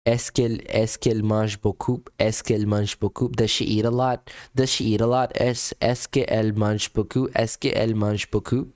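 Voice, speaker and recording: A man's voice: lowish voice, flat delivery, normal speed, hardly any pauses, darkish tone. Male streamer, casual and self-deprecating, repeats lines, swears, laughs a lot. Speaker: streamer reacting to a French lesson. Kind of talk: casual live-stream reaction.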